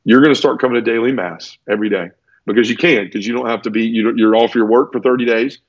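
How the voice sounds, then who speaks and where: A man of medium pitch talks quickly, sincerely sharing his conversion story in a conversational interview and restarting often as he tumbles through it. The audio is dull with no room sound.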